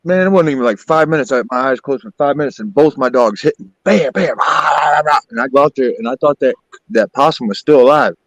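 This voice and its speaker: A man telling a rambling, animated story in a casual group voice call, acting out sounds. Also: mid-range voice, quick pace, dry recording, poor audio. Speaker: chat participant telling a story. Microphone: online voice call.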